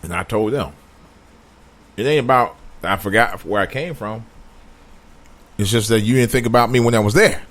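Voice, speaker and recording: Solo commentary host, male, from Cleveland, lower voice; runs from somber musing to heated, profane ranting. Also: normal speed, pauses often. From Cleveland, USA. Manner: starts low and somber, then builds into loud angry ranting with profanity. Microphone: own microphone.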